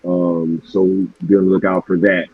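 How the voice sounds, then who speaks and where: A man's voice: deep voice, flat delivery, unhurried, phone-quality sound. A man hosting a casual live stream, laid-back and slangy, losing his voice.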